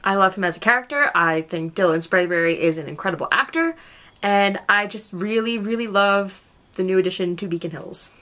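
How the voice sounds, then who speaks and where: A young woman gushing excitedly about a TV show in a casual vlog. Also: medium pitch, brisk. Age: young adult. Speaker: guest vlogger.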